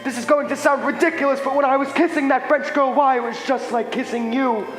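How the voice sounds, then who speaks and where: A young man as a lovesick groom pleading earnestly, very high voice for a guy. echoey theater recording with music faintly under it. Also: steady tone, a little fast, a bit bright. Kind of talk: stage musical acting.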